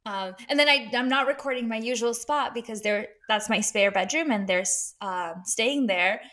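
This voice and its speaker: A woman's voice: fairly high pitch, moderate pace, fairly bright tone. A woman co-hosting a podcast from her dining room at home, telling stories in casual chat and laughing often. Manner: chatty storyteller who laughs a lot. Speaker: podcast co-host.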